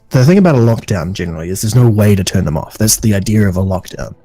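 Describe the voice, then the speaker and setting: A man co-hosting a podcast in casual chat, calmly reasoning through plot logic. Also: on the low side, fast talker, no echo, rough recording. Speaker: podcast co-host.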